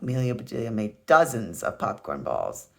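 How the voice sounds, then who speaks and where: A man reading a picture book aloud as a teacher, telling the story in an expressive, animated way. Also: medium pitch, normal speed, creaky.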